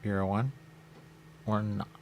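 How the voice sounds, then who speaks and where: A man's voice: fairly low pitch, fairly even intonation, a little slow, a little hiss or hum. A man hosting a radio show, talking in a rambling, mumbling way and repeating little phrases to himself. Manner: mumbling, repeats "there you go", chuckles. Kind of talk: rambling casual talk.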